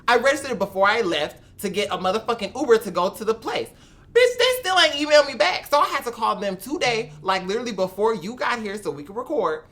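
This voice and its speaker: A man co-hosting a casual podcast, telling a story with animated, expressive delivery and acted-out quotes. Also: sits high, quick pace. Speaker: podcast co-host. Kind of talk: casual chat.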